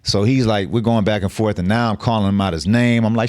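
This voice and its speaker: Deep-voiced streetwise storyteller man. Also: steady tone, fast talker, a little mellow, smooth, no echo, studio quality. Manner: profane, streetwise slang. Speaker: podcast guest. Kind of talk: casual storytelling.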